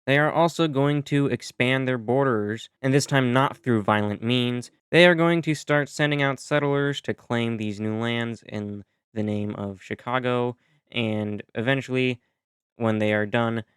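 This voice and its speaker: A man's voice: mid-range voice, a little slow, clear, resonant tone, dry recording, studio quality. A man narrating a map simulation video in a chatty, explanatory way, with casual asides and self-corrections. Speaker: YouTube narrator.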